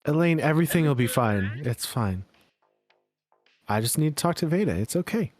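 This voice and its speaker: A man voicing a prim, worried middle-aged mother in a higher voice. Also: lively intonation, normal speed, soft background music. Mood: reassuring.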